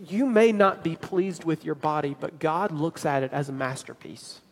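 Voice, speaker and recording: A man preaching a sermon as pastor, emphatic and building to louder climaxes. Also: on the high side, normal speed, in a large hall.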